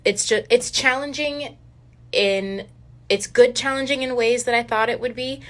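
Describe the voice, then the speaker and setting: A woman's voice: a little high, steady tone, measured pace. A woman singer answering fan questions in casual chat on a phone live stream. She laughs often, restarts phrases and trails off.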